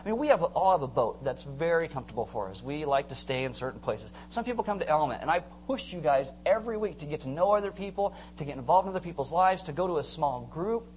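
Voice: medium pitch, fast talker, few pauses, slight background noise, rough recording. A pastor giving a casual, conversational sermon, retelling stories with humor and acting out voices. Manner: animated storytelling, acts out voices with humor.

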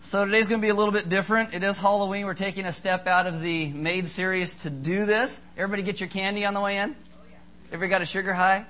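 High-voiced pastor joking with his church. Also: quick pace. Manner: lively, joking with the congregation. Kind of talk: sermon with a told ghost story. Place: church hall with a congregation.

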